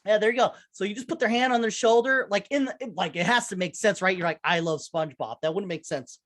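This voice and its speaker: A woman's voice: mid-range voice, fast talker. A woman chatting loosely on a podcast, full of fillers and swearing. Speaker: podcast co-host. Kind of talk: casual chat.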